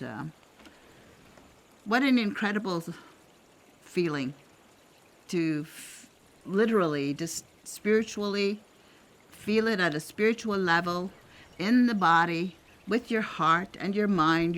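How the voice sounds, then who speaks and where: An older woman, an elder from Canada, tells a personal story in an unhurried, drawn-out way. Her voice has a gravelly, creaky texture, and she speaks gently and reflectively, pausing often. A faint noise sits behind her. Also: fairly low pitch. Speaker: elder sharing traditional teachings.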